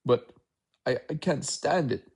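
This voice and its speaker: Storybook giant, gruff and tender, halting speech , read by a man. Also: mid-range voice, darkish tone, heavily acted. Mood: tearful. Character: kind giant man, gruff, soft-hearted.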